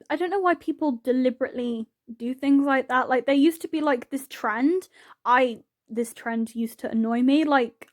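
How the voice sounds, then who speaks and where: A woman chatting casually over gameplay as a voice-over, rambling and giggly, with lots of "like"s. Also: sits high. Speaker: YouTuber narrating a game build.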